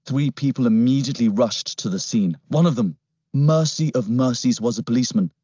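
A man narrating an adventure audiobook in first person with a steady storytelling manner. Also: mid-range voice, brisk, husky, no room sound. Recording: dull lo-fi, dry recording.

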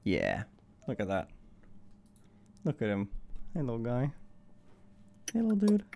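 A male streamer talks casually to chat between bursts of cooing at a small puppy. His voice swings widely in pitch, and his usual tone is dark and mellow. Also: wildly swooping pitch, measured pace, gravelly. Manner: coos to a puppy in a high baby voice.

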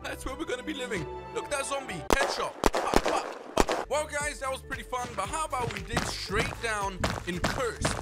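A young man giving excitable let's-play commentary as a gaming YouTuber, shouting when surprised. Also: extremely high pitch, fairly quick, few pauses. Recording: loud background music.

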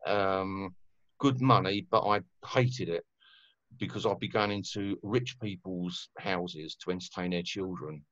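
A man's voice: low-pitched, a little slow, fairly bright tone, no room sound. Rambling man on a lo-fi call. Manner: rambling storyteller, many fillers and swearing. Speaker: guest musician. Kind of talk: casual conversation.

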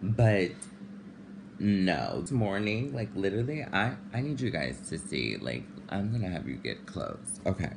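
A man with a low, gravelly voice speaks a little slowly as he vlogs casually to camera. His manner is dramatic, panicky and flamboyant. Steady background noise runs through the recording.

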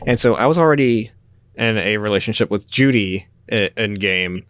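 A man's voice: on the low side, normal speed, fairly bright tone, clear, resonant tone, no echo, studio quality. Chatty man hosting a gaming podcast. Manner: rambling and chatty, with frequent fillers and laughs. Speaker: podcast host. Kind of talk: casual gaming podcast chat.

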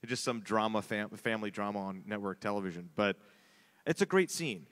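A man's voice: lowish voice, expressive, a little fast, a bit bright. A man in his forties, an actor on a convention panel, chatting enthusiastically about favorite scenes. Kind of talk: casual panel chat.

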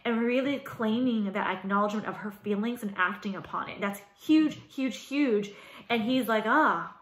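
A woman's voice: a little high, normal speed. Chatty woman teacher, roomy sound. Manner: chatty and animated, many fillers. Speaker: high school English teacher. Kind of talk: casual video lecture. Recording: roomy echo.

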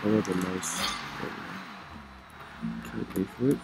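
A man giving excitable let's play commentary, reacting loudly to the plays. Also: sits low, slow, loud music behind the voice. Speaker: gamer. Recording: noisy with game sounds behind.

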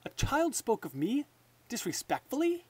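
A man voicing a pampered, naive king who speaks in excitable exclamations. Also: a little high, moderate pace, husky. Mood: indignant.

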